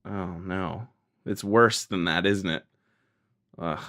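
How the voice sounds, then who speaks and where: A man co-hosting a podcast in casual chat, playful and teasing, with his tone leaping between high and low. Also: slow pace, a bit bright. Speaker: podcast co-host.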